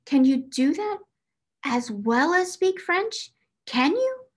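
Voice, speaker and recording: A woman's voice: fairly high pitch, expressive, a little slow, slightly rough, voice pushed up, exaggerated voice. Ermengarde, a woman doing an awed schoolgirl. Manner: breathless, wondering questions. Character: timid slow schoolgirl, admiring and awed.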